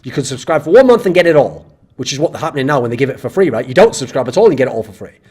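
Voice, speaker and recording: Exasperated male host ranting on comments, husky voice, swings up and down in pitch. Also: big pitch swings, rapid-fire, a little mellow. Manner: sarcastic, exasperated, swears freely. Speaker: esports commentator and channel host.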